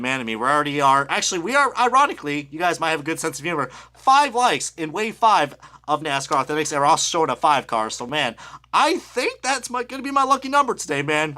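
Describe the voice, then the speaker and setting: A young man giving a casual live-stream product review, excitable and rambling, cursing and drifting off topic. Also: on the high side.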